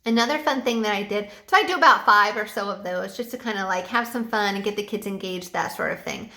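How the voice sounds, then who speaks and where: A woman who teaches English online, giving a relaxed, chatty tutorial with a few fillers. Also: mid-range voice, a little fast, roomy sound. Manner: bubbly sing-song teacher voice when quoting her class. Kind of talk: casual tutorial vlog.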